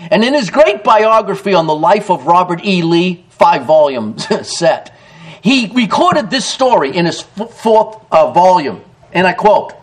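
A man preaching a sermon with emphatic delivery, reading scripture aloud and dropping into quiet asides. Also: poor audio. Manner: swings between loud declarations and low, quiet asides. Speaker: pastor.

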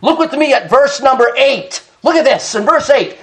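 A male pastor preaching an animated sermon, chuckling often and calling out to the congregation. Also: extremely high pitch, moderate pace. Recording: roomy church echo.

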